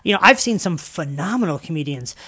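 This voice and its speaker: A man, a comedian guest telling stories in a casual interview, animated and laughing often. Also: a little high, a little fast, slightly rough. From Long Island, New York. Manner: animated storytelling, laughs often, many fillers and restarts. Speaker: podcast guest, stand-up comedian.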